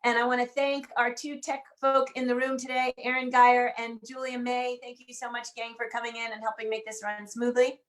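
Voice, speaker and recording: A woman's voice: fairly high pitch, little pitch movement, fairly quick, hardly any pauses. A woman hosting an online sing-along, chatting as she greets viewers one by one by name over a video call. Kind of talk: livestream welcome and greetings. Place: room in Washington, D.C.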